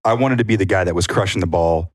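A man's voice: fast talker, darkish tone, no room sound, studio quality. A man co-hosting a podcast, chatting casually and telling stories, sometimes acting out what people said. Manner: storytelling, acts out quotes in a higher voice. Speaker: podcast co-host. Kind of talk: casual chat.

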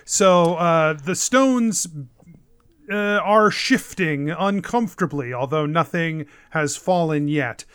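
A man narrating as game master of a tabletop game, unhurried and often pausing with "uh". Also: on the high side, lively intonation, a bit bright, clean tone, no room sound, clean studio sound.

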